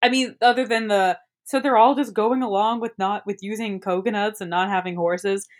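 A woman's voice: medium pitch, steady tone, normal speed. A woman in casual chat as a podcast co-host, rambling and giggly with many restarts.

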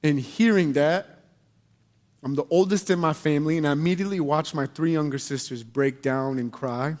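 A man preaching a sermon, telling personal stories in an animated, conversational way and asking the audience questions. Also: fairly high pitch, normal speed. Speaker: pastor.

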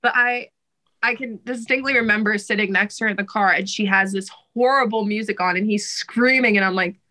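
A young woman with a bright, forceful voice chats as a podcast guest. She is a singer who talks loosely, laughs often and swears in casual slang. Her pitch sits in the middle range for a woman. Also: brisk, rough recording. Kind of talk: casual interview chat.

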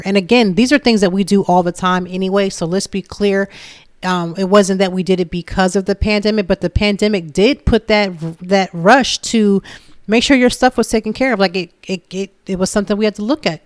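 A woman in her thirties talking candidly and from the heart about her own life, in a relaxed conversational way. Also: medium pitch, fairly quick, no echo, studio quality. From Philadelphia area. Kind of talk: casual personal talk.

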